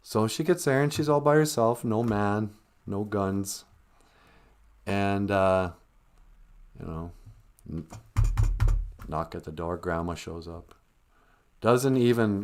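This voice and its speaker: A man's voice: on the low side, measured pace, long pauses, darkish tone. A man hosting a live stream, retelling a children's story in a wry, sarcastic comedic way.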